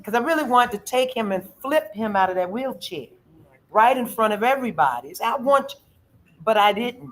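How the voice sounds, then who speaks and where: On a low-quality recording, a woman with a mid-range voice recounts something from her own life. She's middle-aged and hosting a casual conversation, and her retelling is emotional and animated as she performs the quoted voices with feeling.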